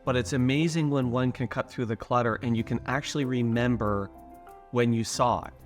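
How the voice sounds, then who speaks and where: Male co-host, relaxed chat, mid pitch, faint music behind. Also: moderate pace. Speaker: podcast co-host, advertising consultant. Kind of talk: casual chat.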